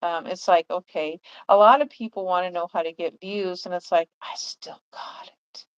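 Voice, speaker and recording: A woman's voice: on the low side, fairly even intonation, brisk, clear, resonant tone, dull audio. A woman chatting on a livestream in a rambling way, full of fillers and restarts. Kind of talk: casual livestream chat.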